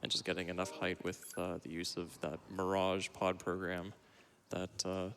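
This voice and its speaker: A man giving relaxed, explanatory couch commentary on a live speedrun. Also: low-pitched, normal speed, slight background noise.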